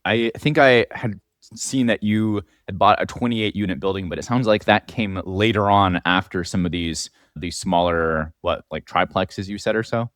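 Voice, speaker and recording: A man's voice: sits low, normal speed, a bit bright, no room sound, studio quality. A man hosting a podcast, asking questions in an upbeat, encouraging way. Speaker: podcast host. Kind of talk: interview host.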